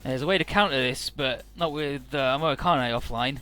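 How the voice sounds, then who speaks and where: Rambly guy narrating a game recap, bright voice, faint music under it. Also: medium pitch, normal speed. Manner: rambling, filler-heavy, irreverent. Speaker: let's play narrator.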